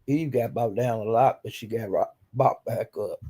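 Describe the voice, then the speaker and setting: A man's voice: mid-range voice, brisk, mellow, breathy edge. A man hosting a casual chat, bluntly retelling online drama in a chatty, gossiping way. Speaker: host recapping livestream drama.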